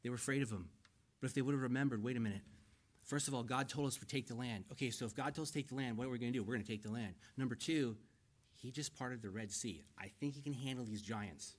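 A man in his forties preaching an expository sermon, emphatic, shifting between loud exhortation and hushed asides. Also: mid-range voice, fast talker. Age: 40s. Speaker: pastor.

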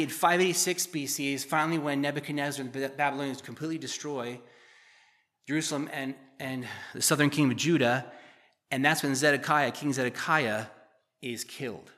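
A man's voice: a little high, bright, forceful tone. A man preaching a conversational sermon, often checking in with the congregation. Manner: conversational teaching, frequent "okay?" check-ins. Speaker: pastor.

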